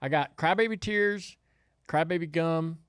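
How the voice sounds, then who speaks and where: Man in his fifties, podcast co-host, animated storyteller, dry close mic. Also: on the high side, a little slow, clear, resonant tone, dry recording. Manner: animated storyteller, laughs often. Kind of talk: casual storytelling chat.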